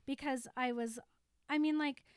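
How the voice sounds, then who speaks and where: A woman in her thirties, an animated podcast co-host who laughs easily while casually recapping a show. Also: high voice, moderate pace, no echo, studio quality. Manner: animated storyteller, laughs often.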